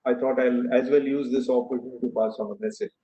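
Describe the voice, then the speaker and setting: A man's voice: medium pitch, steady tone, fast. An older man giving an earnest, anecdotal talk to an audience, with frequent fillers and restarts. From India. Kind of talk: speech to an audience. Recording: echoey hall, dull lo-fi sound.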